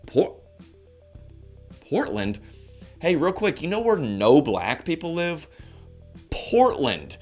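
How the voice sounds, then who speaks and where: Brief: male comic in his thirties, fast animated monologue to camera, faint music underneath. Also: on the high side. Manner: rapid, animated rants with mock voices. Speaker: comedian host.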